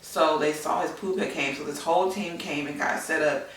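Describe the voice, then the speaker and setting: Recorded in an echoey room with a distant mic and a little hiss or hum, a woman with a deep voice speaks steadily at normal speed. She is a vlogger and new mother sharing a personal story openly and chattily, full of fillers.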